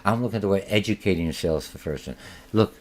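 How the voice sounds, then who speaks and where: A man's voice: low voice, lively intonation, fast. A man teaching a college marketing lecture in a rambling, conversational way, with many restarts and acted-out examples. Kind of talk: recorded lecture.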